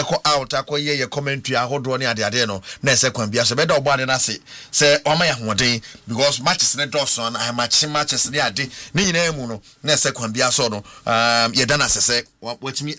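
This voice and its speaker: Ghanaian male caller, halting and rambling, bright voice, dry sound. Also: medium pitch, no room sound. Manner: rambling, halting, with many fillers. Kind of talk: phone-in radio chat.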